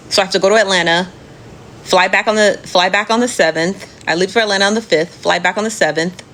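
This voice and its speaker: A woman's voice: mid-range voice, steady tone, a little fast, fairly bright tone, a little hiss or hum. A woman hosting a casual live chat, reading viewer comments aloud and answering with chatty, profane, laughing asides. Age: adult. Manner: chatty, profane, laughs often, talks straight to viewers as "friend".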